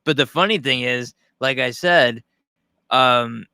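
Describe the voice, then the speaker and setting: Swearing freely and stumbling over frequent restarts, a Long Island, New York streamer rambles through casual commentary on a news clip. His middle-pitched voice is bright, forward, resonant and clear, moving at a slow pace. The sound is dry and close with no room sound.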